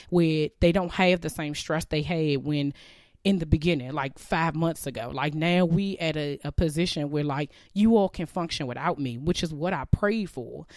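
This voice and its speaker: A woman's voice: low-pitched, darkish tone, no echo. Woman host, casual heartfelt faith talk, close dry sound, teary and candid. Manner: candid, emotional, chatty with many fillers. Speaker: podcast host.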